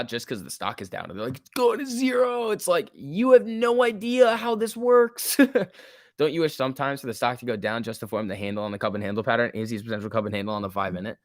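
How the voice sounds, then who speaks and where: A man's voice: on the low side, a bit bright, no echo, clean studio sound. A man casually commenting on a livestream and reading out chat, laid-back and chatty, laughing often. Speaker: stock market livestream host.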